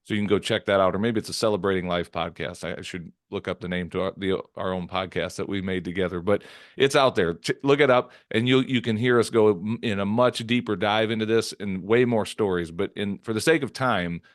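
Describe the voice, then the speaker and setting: A man with a fairly low voice hosts a podcast interview and rambles warmly. He often stops to correct himself. The sound is dry and close, with no room echo. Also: brisk. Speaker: podcast host.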